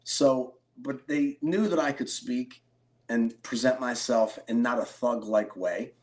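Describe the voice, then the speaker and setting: Middle-aged philly guy, card collector, gets excited telling stories, mid-pitched voice. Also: slow. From Philadelphia, USA. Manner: animated storyteller, excitable bursts. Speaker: interview guest, card collector. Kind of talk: storytelling interview.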